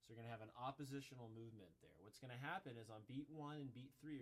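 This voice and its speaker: A man giving a casual drum lesson, explaining in a relaxed way with some self-corrections. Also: medium pitch, quick pace. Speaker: drum teacher. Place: music school room. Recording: voice between loud drum playing. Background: drum kit playing.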